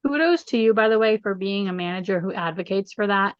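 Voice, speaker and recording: A woman's voice: medium pitch, lively intonation, fairly quick, clear, resonant tone, dry recording, highs cut off. A woman hosting an interview podcast, affirming her guest and closing the show with a scripted sign-off. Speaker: podcast host.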